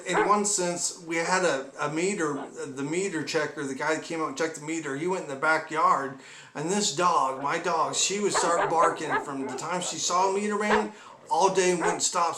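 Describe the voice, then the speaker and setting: Rambling, chuckling man telling pet stories. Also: a little high. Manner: rambling, chuckling, exaggerated asides. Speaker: comedy vlogger. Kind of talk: rambling comic storytelling. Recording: echoey room with background noise.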